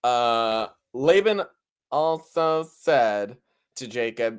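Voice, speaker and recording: A man's voice: on the high side, lively intonation, measured pace. A man co-hosting a comedy podcast who reads Bible passages aloud and breaks into joking, laughing riffs. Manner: playful, reads scripture then riffs with laughter. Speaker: podcast co-host. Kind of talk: comedic Bible reading and banter.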